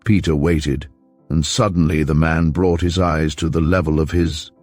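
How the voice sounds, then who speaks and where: A man reading a crime novel aloud in an even, measured way as audiobook narrator. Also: a bass voice, no room sound, soft background music. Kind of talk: scripted narration.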